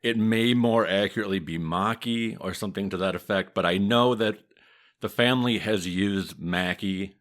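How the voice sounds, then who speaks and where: A man with a Midwestern American accent and a very deep voice hosts a casual podcast. He tells history in a steady, matter-of-fact way, with a touch of dry humor. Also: normal speed. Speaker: podcast host, mafia historian.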